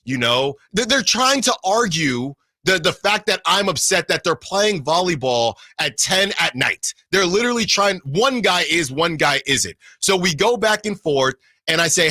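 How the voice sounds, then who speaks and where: A man with a fairly high, bright, forceful voice is telling a story on a sports radio show. He talks in an animated way, acts out the quotes and restarts his sentences a lot. The sound is dry and close to the mic. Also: normal speed, few pauses, dry recording. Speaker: sports radio fill-in host.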